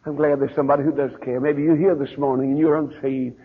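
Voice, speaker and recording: Husky older preacher on a tinny recording. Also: male voice, mid-range voice, little pitch movement, fast talker. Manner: folksy storytelling preacher, sometimes quiet and sometimes rising. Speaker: pastor. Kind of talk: sermon. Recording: tinny phone-like old sermon recording.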